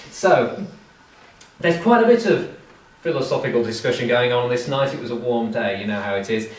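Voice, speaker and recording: Lively man telling a story to a crowd. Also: medium pitch, brisk. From Britain. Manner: chatty, asides and questions to the audience. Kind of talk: live oral storytelling to an audience. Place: indoor event hall. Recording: roomy hall from far off.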